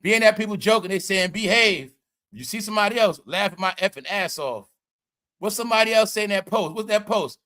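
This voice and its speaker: High, bright-voiced man ranting on a livestream. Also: brisk. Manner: loud, laughing, profane, repeats "all right?". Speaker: commentary livestream host. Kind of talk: casual livestream commentary.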